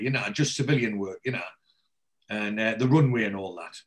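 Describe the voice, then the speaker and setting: A man's voice: medium pitch, a little fast. A man casually retelling a TV episode, acting out the characters' lines and swearing freely.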